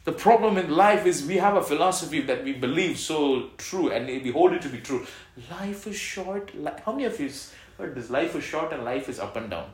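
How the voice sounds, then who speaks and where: A man preaching a sermon as pastor, calling out lines for the congregation to repeat and swinging between loud exhortation and soft reassurance. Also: a little high, animated, fairly quick, few pauses. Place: church hall. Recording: echoey church hall.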